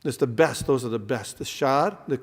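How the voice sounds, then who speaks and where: A man's voice: medium pitch, moderate pace, breathy edge, long reverb tail. A man giving a devotional scripture class, explaining terms and quizzing his listeners, with many fillers and restarts.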